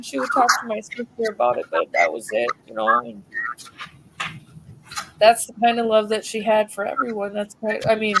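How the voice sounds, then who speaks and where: A young woman speaking heartfelt and halting about her late mother, at times swearing, as a grieving daughter on a livestream. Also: medium pitch, very noisy. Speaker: grieving daughter sharing a memorial tribute. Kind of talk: emotional personal talk on a livestream.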